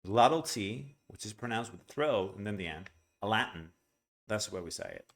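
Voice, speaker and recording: A man's voice: lowish voice, animated, moderate pace. A man teaching English pronunciation in an online lesson, talking casually and bluntly and checking in with "right?" as he explains. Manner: chatty, with frequent "right?" and "okay?"; blunt, opinionated asides.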